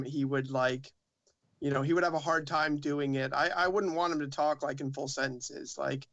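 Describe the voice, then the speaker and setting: A man's voice: on the high side, fairly bright tone. A man in a casual video-call chat, speaking hesitantly with many fillers and restarts.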